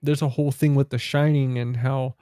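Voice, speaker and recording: A man co-hosting a movie podcast in casual chat, excitably retelling funny scenes. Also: medium pitch, brisk, smooth, no room sound, clean studio sound. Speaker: podcast co-host.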